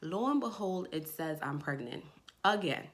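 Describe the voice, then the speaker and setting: A young woman telling a personal story to her camera in a casual, lively way. She jumps into higher voices when she quotes people. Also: normal speed. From Jamaica. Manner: animated, acts out quoted friends in a raised voice. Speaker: vlogger.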